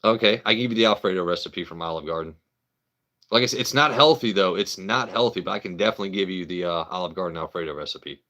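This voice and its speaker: A man with a notably low voice chats loosely on a livestream. He rambles from story to story, swears freely and answers viewers by name in a joking, offhand way. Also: fast, pushed and bright. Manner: profane, joking, talks to chat by name. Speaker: livestream host. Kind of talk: casual rambling livestream chat.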